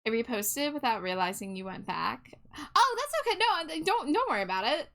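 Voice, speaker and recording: A woman's voice: fairly high pitch, big pitch swings, brisk, a bit bright. A woman streamer chatting casually with her viewers while she draws, reading their messages aloud and laughing often.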